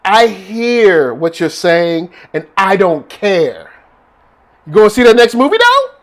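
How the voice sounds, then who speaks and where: A man co-hosting a casual chat show, laughing often, reading viewer shout-outs in a slangy, animated way. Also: high-pitched, takes it slowly. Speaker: podcast co-host.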